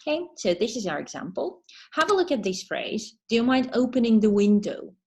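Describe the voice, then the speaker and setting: A woman teacher trainer giving an online webinar lesson, explaining patiently and pausing to read answers from the chat. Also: a little high, big pitch swings.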